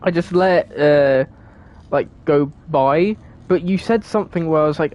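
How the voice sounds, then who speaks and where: A woman's voice: deep voice, unhurried, a little mellow, dull audio. A woman with a southern English accent, from England, chatting casually while streaming a game, sweary, giggly and rambling.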